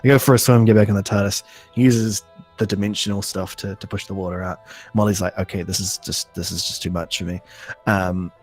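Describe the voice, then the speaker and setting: A man recapping an episode on a casual podcast, halting, full of ums and restarts, laughing often. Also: fairly low pitch, little pitch movement, soft background music. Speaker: podcast host.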